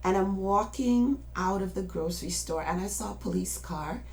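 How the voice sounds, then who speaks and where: A woman's voice: medium pitch, moderate pace, creaky. An older woman speaking in a casual, rambling monologue, talking straight to her listeners in an insistent way. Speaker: speaker addressing followers.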